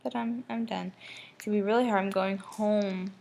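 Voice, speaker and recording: Gravelly-voiced young woman vlogging. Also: mid-range voice, fairly even intonation, moderate pace, a little mellow, poor audio. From Michigan, USA. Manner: emotional, rambling, restarts often. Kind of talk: personal video diary.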